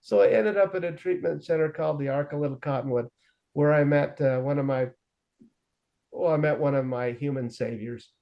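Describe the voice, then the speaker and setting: A middle-aged man, guesting on an interview, speaks frankly about his recovery and pokes fun at himself. The sound is lo-fi, and his fairly high, gravelly voice moves briskly.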